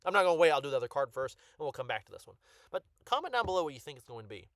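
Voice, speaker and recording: A man with a fairly high voice talks casually and excitedly about his collection, stumbling over restarts and filling pauses with ums. The sound is dry and close, with no room around it. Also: dry recording. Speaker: card collector YouTuber.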